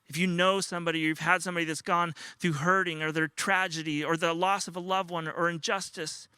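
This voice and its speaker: An older male pastor delivers a heartfelt sermon in a high, bright voice. He tells stories earnestly and sometimes acts out a small child's cries. The sound is dry and close. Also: flat delivery, brisk, clean tone, dry recording.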